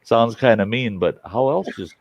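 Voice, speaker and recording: A folksy man spins a campfire yarn in plain, casual talk, chuckling his way through the telling. His voice sits at an ordinary middle pitch. The sound is close and dry, on a dull lo-fi recording. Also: normal speed, dry recording. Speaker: storyteller host.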